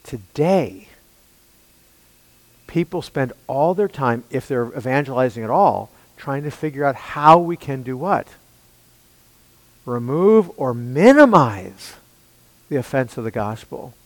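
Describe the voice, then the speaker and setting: A man preaching a sermon in an emphatic way, asking his listeners rhetorical questions and swinging between loud and hushed passages. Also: mid-range voice, animated, takes it slowly, long pauses, no echo, poor audio.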